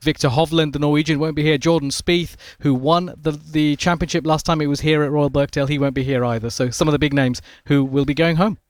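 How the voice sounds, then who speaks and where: A man's voice: on the high side, a little fast, few pauses, no room sound, clean studio sound. A man reporting on golf in a chatty radio sports discussion, telling stories with lots of fillers. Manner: animated storytelling, frequent fillers.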